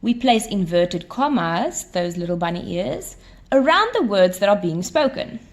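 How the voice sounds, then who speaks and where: Lively woman teacher in an echoey room. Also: medium pitch, a little slow. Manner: animated, explains step by step with repetition. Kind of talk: recorded grammar lesson at a whiteboard. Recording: echoey room with faint ambience.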